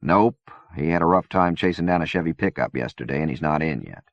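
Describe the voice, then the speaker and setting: A man's voice: rumbling low, a little fast, dry recording. A man voicing a weary, sarcastic agent who answers in a dry, politely dismissive way. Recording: dull dry cassette-era recording.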